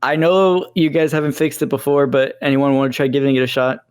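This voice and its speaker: Soft-spoken man co-hosting a podcast. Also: medium pitch, a little fast, clear, resonant tone. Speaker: podcast co-host. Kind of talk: casual chat.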